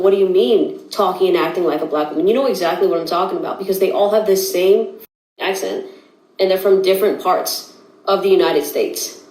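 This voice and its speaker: A woman's voice: medium pitch, a little mellow. A woman ranting on social media, speaking to viewers in an exasperated, sarcastic and direct way. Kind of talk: opinionated social media rant. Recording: echoey room.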